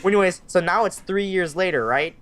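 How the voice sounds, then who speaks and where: Young man, podcast host, lively casual storytelling, acts out voices, swears a lot. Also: high-pitched, fast talker. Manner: animated, acts out voices in his stories, swears freely.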